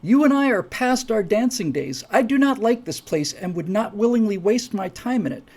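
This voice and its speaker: A man playing a weary male traveler, reciting Shakespearean lines in a raised, theatrical, gravelly voice. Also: high voice, very animated, normal speed, voice pushed up, full character voice. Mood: uneasy. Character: weary man traveling with his brother, reluctant and uneasy.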